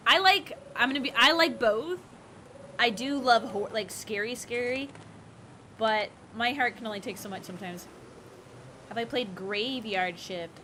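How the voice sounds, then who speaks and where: A woman's voice: on the high side, sharp tone, a little hiss or hum. A woman in her thirties streaming a game, chatting casually and rambling playfully. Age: 30s. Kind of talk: casual livestream chat.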